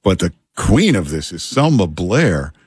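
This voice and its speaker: Halting talk radio host with deep husky voice. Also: male voice, no room sound. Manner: relaxed, halting, many uh fillers. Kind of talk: talk radio with live ad reads. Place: radio studio. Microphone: studio microphone.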